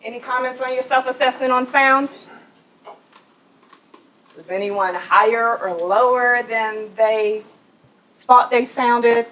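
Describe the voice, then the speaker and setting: A woman's voice: fairly high pitch, slow pace, long pauses, fairly bright tone, poor audio. A woman leading a corporate training session on voice, speaking to a group, asking questions and laughing now and then. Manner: coaching, asks the group questions, laughs often. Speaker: voice and presence trainer. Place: office training room.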